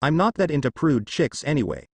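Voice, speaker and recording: A man's voice: on the high side, big pitch swings, fairly quick, a little mellow, breathy edge, no room sound, exaggerated voice. A man voicing a defiant, wisecracking young male hunter with a demanding, wry way of talking.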